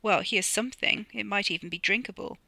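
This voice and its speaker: Woman reading a dry posh guy who's fed up, wry, bright voice. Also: medium pitch, quick pace, vocal fry, no room sound.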